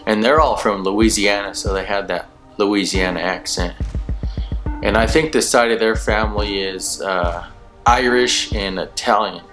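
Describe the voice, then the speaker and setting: A man's voice: fairly low pitch, steady tone, measured pace, fairly bright tone. A man hosting his own channel, telling his personal testimony in a rambling, laid-back way, full of "you know" fillers. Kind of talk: casual personal testimony storytelling. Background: background music.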